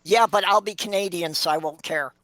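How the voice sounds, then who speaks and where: A man's voice: high voice, brisk, sharp tone, slight background noise. A man in a casual group chat, joking in a matter-of-fact way.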